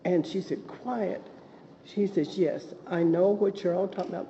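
A woman sharing a personal faith story in conversation, halting with restarts. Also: on the low side. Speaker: co-host or guest. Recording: dull, roomy lo-fi with faint hiss.

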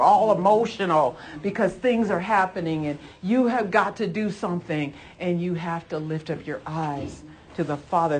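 Her voice on the low side, a woman preacher gives a sermon in a conversational style. She brings scripture to life with lively storytelling, repeated lines, and forceful calls to those listening.

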